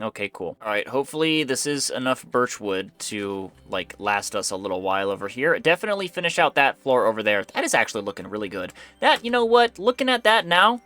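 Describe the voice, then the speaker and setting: Bright-voiced young man rambling over gameplay. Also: medium pitch. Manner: rambling, self-talking, easily startled. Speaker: gaming YouTuber. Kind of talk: casual gameplay commentary. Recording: faint background music.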